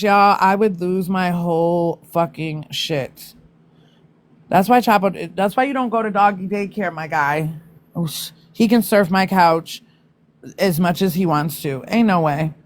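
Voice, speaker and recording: A woman's voice: on the low side, a little slow. A woman hosting a casual live stream, reacting to news with blunt, profane asides to her viewers.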